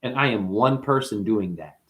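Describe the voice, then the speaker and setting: A man hosting a spiritual livestream, talking to his chat in an animated way, calling listeners honey and chanting mantras. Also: lowish voice, normal speed.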